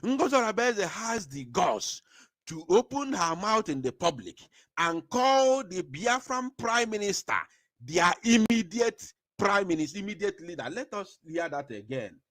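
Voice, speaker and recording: A man's voice: sits high, sing-song, a little slow, a bit bright, no echo. Fired-up guy ranting, voice jumps all over, dry close sound. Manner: fiery, emphatic, mixes Igbo and English. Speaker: political commentator. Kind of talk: impassioned commentary.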